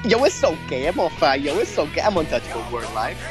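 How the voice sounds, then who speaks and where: A man's voice: on the high side, sing-song, a little fast, music in the background, pitched above the performer's own voice. A man doing a cocky wrestler bragging. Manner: boastful, punchy catchphrase delivery. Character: brash young male wrestler, cocky catchphrase swagger.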